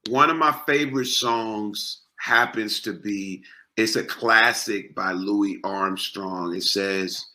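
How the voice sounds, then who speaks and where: A man who sings, chatting on a radio show in an unhurried, easygoing way. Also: on the low side. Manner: unhurried, sings songs softly. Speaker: singer and co-host. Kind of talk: casual chat with sung snippets.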